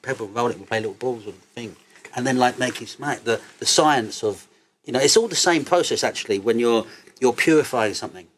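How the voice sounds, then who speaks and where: A man, an interview guest telling stories in a loose, sweary, animated way and laughing as he goes. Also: medium pitch, brisk, slight background noise. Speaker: interview guest, cannabis entrepreneur. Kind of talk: casual interview storytelling.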